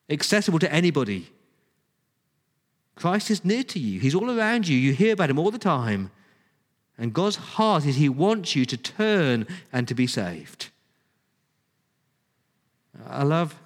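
A man preaching a sermon to his church, earnest and pleading, pressing his points with emphasis. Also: medium pitch. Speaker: pastor. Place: church hall. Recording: long hall reverb.

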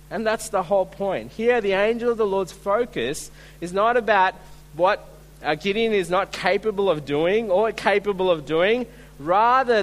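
High-voiced male pastor preaching. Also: fairly bright tone. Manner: earnest, emphatic with drawn-out stresses. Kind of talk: sermon. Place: church service.

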